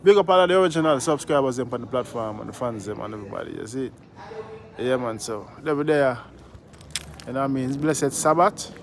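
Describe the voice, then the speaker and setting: A man's voice: mid-range voice, expressive, fairly quick. A man with a Jamaican accent, hosting a casual vlog outdoors, laid-back and preachy, greeting passersby and tagging his sentences. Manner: laid-back, preachy, repeats "you see me" tags. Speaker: vlogger host.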